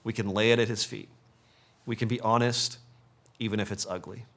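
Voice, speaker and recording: A man preaching a sermon as pastor, earnest, stacking short punchy phrases and dropping to a soft, low voice on key points. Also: little pitch movement, fairly quick.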